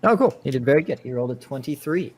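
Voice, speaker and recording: Halting male game master, casual narration. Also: mid-range voice, animated, breathy edge. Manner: halting, full of "like" and "um" fillers.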